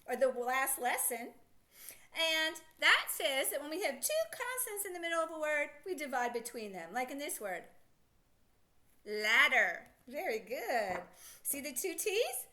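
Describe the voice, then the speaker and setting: Bright, lively woman teaching phonics. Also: sits high. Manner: encouraging, asks many questions; sounds out words slowly. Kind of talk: children's phonics lesson.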